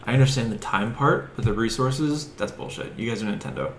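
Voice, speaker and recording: A man's voice: medium pitch, animated, fairly quick, echoey room, a little hiss or hum. A man co-hosting a casual podcast chat, explaining things in a matter-of-fact way. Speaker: podcast co-host. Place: outdoors on a summer day.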